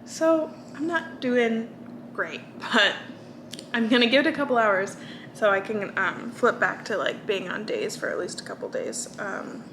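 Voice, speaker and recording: A woman's voice: fairly high pitch, animated, measured pace, fairly bright tone, slight background noise. A young American woman vlogging, chatting casually and tired from little sleep, rambling with fillers and restarts. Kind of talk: casual chat.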